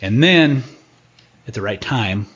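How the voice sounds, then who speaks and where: A husky-voiced man speaks as a guest expert on a podcast, his pitch swinging up and down as he gets animated. The recording is dull and lo-fi. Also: takes it slowly. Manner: animated, acts out what elk would say. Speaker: guest elk hunting expert. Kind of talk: casual podcast conversation.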